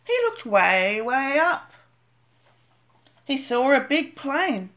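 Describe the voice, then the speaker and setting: Slow, lilting older woman reading aloud. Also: sits high, sing-song, fairly bright tone. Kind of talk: storybook read-aloud.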